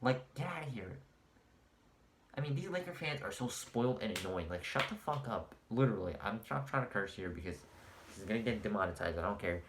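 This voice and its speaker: A man's voice: lowish voice, expressive, fairly quick, background noise. Heated ranting man, echoey room. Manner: heated, sarcastic, profane. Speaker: sports commentator. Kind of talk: ranting sports vlog.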